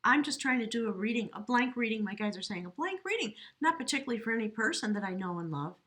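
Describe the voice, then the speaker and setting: A woman talks through a tarot reading in an earnest, searching way. Her delivery is slow and reflective, with pauses. She sounds close to tears at times. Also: a little high, animated, a bit bright. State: choked up with emotion. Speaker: tarot reader. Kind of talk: spiritual tarot reading to camera. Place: home, near a window.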